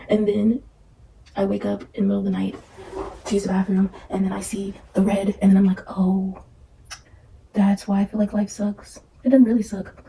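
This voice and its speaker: A young woman talks through a tired home vlog, dramatic and self-mocking, with murmured asides. Her mid-pitched voice carries a gravelly fry. A faint hiss sits under it. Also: flat delivery, moderate pace, mellow, reverberant. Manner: chatty, dramatic and self-mocking, drops to whispers. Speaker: vlogger. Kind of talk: casual vlog chat. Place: indoors at home while painting.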